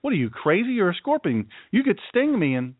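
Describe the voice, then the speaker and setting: A man's voice: sits high, wildly swooping pitch, fairly quick, no room sound, voice pushed up, exaggerated voice. A man voicing a wary male frog in a fable, protesting in an incredulous way. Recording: thin phone-like sound.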